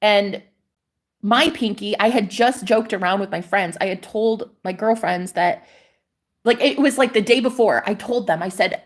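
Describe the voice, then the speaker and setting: At a moderate pace and in a mid-range voice, a manifestation coach talks casually to her vlog audience. She's emphatic, swears plenty, and meanders between ideas.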